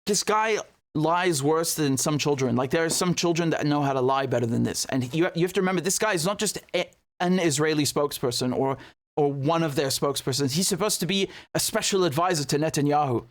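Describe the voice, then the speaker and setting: Male political commentator, fairly high voice, sarcastic and combative, reacting to clips. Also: brisk. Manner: indignant and sarcastic.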